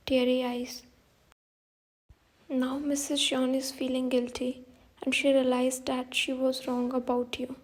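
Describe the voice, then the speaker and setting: A woman's voice: sits high, monotone, unhurried, pauses often. A woman narrating a fan fiction story in a plain, level reading with simple grammar.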